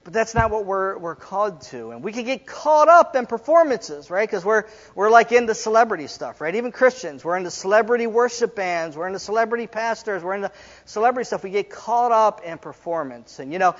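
A man's voice: sits high, animated, brisk. A middle-aged man preaching a sermon, telling a story and acting out the people in it, laughing often. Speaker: pastor. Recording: dull sound in a reverberant hall.

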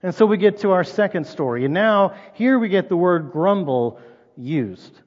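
A man preaching a sermon in a relaxed, conversational way, asking the listeners rhetorical questions. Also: high-pitched, normal speed. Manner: conversational, reads scripture aloud, asks rhetorical questions. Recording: reverberant dull-sounding hall.

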